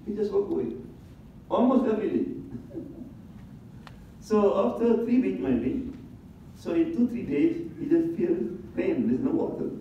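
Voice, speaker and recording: A man's voice: a little high, dark tone, slight background noise. A man, giving a religious talk as an imam, asking the audience questions and acting out little scenes. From Indonesia. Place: large conference hall. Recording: echoey, dull sound from a distant mic.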